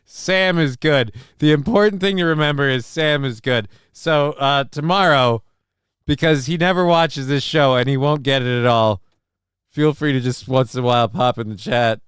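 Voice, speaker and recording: Male stream host, loose and profane, very smooth tone, dry recording. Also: medium pitch, normal speed, a bit bright, no room sound. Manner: joking, loose and profane, with lots of ums and uhs. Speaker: livestream show host. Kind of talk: casual livestream chat, reading the chat aloud.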